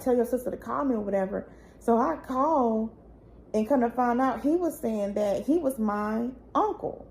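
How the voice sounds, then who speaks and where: A young woman tells her own painful story straight to the camera. Her voice is raw and tearful, and it climbs into pleading when she gets upset. Her pitch is average, with faint background noise behind her. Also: darkish tone. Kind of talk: emotional personal storytelling.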